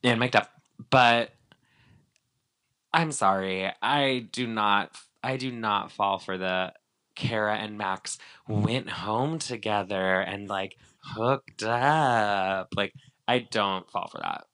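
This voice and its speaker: A man co-hosting a casual podcast chat about reality TV, talking in a loose, animated way with lots of fillers and acted-out quotes. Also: lowish voice, slow pace. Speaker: podcast co-host.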